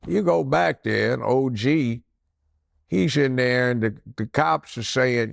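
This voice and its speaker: Older ex-judge, gravelly, dry close sound, animated storyteller. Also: male voice, mid-range voice, measured pace, no echo. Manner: animated storyteller acting out other voices. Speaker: former judge, guest. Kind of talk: storytelling interview.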